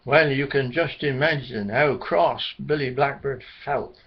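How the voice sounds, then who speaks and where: A man telling a children's story in a gentle, chuckling storybook manner. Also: medium pitch, a little slow, husky. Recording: dull lo-fi recording.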